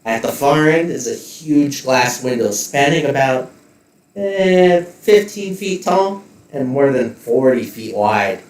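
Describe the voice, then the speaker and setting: A man's voice: medium pitch, animated, takes it slowly, recorded from a distance. Man narrating a game in a roomy room. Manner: descriptive, with joking asides. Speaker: game master.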